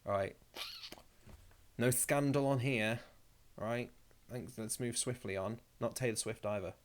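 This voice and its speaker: A man's voice: mid-range voice, steady tone, a little slow. Chatty young man on a live stream. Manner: chatty and rambling, with jokey asides. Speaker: YouTuber hosting a live stream. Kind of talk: casual live-stream chat, reading viewer comments aloud.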